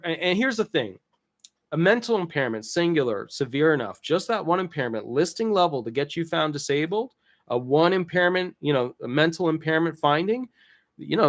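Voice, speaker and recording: A man who works as a disability attorney, explaining rules in a casual, rambling way with jokey asides and restarts. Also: on the high side.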